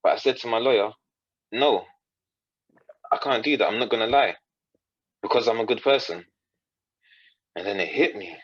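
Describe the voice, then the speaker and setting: A lowish male voice moves at a normal speed with frequent pauses, recorded dry and muffled. The speaker, a coach on a podcast, earnestly retells a story in conversation, quoting others and often restarting what he's saying.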